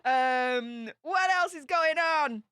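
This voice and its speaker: A woman's voice: high-pitched, slow pace, bright, forceful tone, no room sound, clean studio sound. A woman with a Yorkshire accent hosting a livestream, chatting casually and greeting viewers one by one in a bubbly, chatty way. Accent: Yorkshire English. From Yorkshire, England. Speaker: YouTube livestream host.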